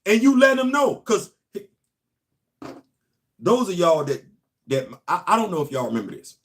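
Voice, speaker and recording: A middle-aged man from New York hosting a casual opinion show, talking emphatically and swinging between loud points and low asides. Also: very animated, moderate pace. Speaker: host.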